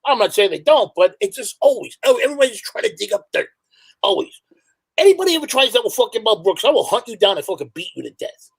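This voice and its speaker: Talking fast in a high, sing-song voice that's gravelly with a breathy edge, this New York-accented, middle-aged hardcore musician rambles through profane stories as a guest in casual chat. The audio is poor.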